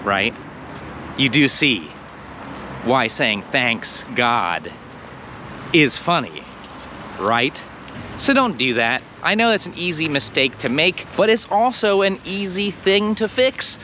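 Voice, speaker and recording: Lively, bright-voiced American man teaching. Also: on the high side, a little slow, a little hiss or hum. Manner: playful, explains by acting out little scenes. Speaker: English teacher. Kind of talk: casual video lesson.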